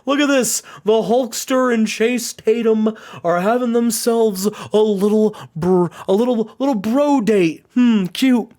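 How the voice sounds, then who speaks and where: Brief: taunting, self-satisfied heel, loud and sneering, as a man puts him on. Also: high-pitched, a little slow, few pauses, voice pushed up. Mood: mocking.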